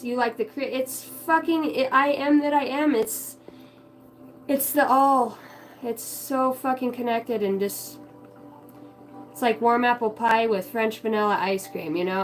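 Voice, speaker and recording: A woman's voice: mid-range voice, low-quality recording. Woman, spiritual vlogger, unfiltered and heartfelt, cusses casually, mid-range voice. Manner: candid and heartfelt, swears freely; acts out quoted voices in her stories.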